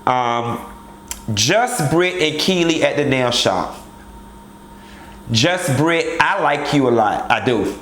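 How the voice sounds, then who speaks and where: A man's voice: medium pitch, expressive, takes it slowly, pauses often, fairly bright tone, echoey room, slight background noise. A man giving candid, blunt commentary on a reality show and speaking straight to its cast in a sassy manner.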